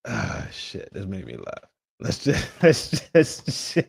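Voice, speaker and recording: A man's voice: lowish voice, very animated, unhurried, vocal fry. A young man hosting a podcast, casually reacting to videos with slang and frequent laughter. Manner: laid-back, laughs often, slang-heavy.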